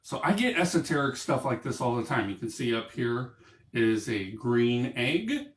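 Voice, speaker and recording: Hosting his own small broadcast from a room full of books, a man rambles casually to camera with many fillers and restarts. His mid-range voice swings widely in pitch at a normal speed, and the audio has a roomy sound.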